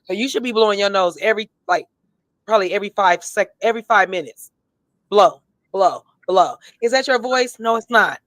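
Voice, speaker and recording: A woman's voice: mid-range voice, a bit bright, no room sound. Tipsy sassy woman roasting people on a gossip stream, mid voice, dry close sound. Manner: sassy, blunt, drawn-out emphatic repeats. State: tipsy, has been drinking. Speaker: co-host. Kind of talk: casual gossip commentary.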